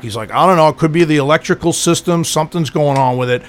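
A man with a slightly high voice tells a story in loose, profane chat. He gets animated and rattles off the quoted lines fast, then drops back to a plain narrating tone. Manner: animated, profane, acts out quotes in quick bursts. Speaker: podcast co-host telling a story.

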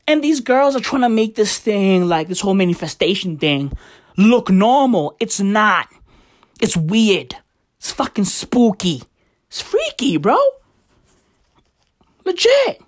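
A woman's voice: mid-range voice, sing-song, slow, pauses often. A young woman delivers a profane, slang-heavy comedic rant to camera, mock-outraged throughout. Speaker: vlogger.

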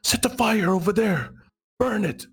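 A woman's voice: sits low, expressive, slow, vocal fry, breathy edge, pitched above the performer's own voice, full character voice. A man voicing a desperate young woman who is panting and fighting beasts, speaking in broken, urgent fragments. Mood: distressed.

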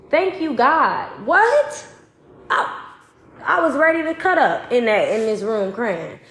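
A woman preacher giving a testimony sermon, emphatic and repetitive, with rising excitement. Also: fairly high pitch. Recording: roomy echo.

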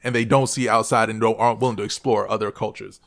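A man co-hosting a casual podcast, telling stories in an animated, joking way. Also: quick pace, creaky. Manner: animated storyteller, lively pitch swings. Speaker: podcast co-host.

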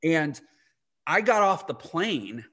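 A man's voice: fairly high pitch, big pitch swings, takes it slowly, a bit bright, breathy edge. A man hosting a podcast interview, telling rambling anecdotes with frequent self-interruptions. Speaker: podcast host. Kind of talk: casual conversational interview.

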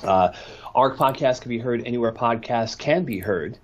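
A middle-aged man co-hosts a podcast, speaking in a mid-range voice at a moderate pace on a muffled recording. He chats casually, wanders through rambling stories with wry complaints, and sounds a bit worn down and congested from allergies.

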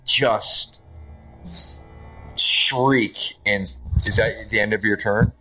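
A man running a tabletop game as game master, narrating scenes in a relaxed, descriptive way over voice chat. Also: on the low side, slow pace, soft background music.

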